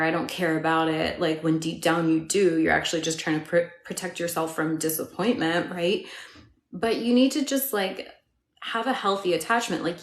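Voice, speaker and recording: A woman coaching viewers in a casual live-stream chat, peppering her talk with "like" and "right?" and laughing often. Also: on the low side. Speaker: manifestation coach. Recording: roomy echo.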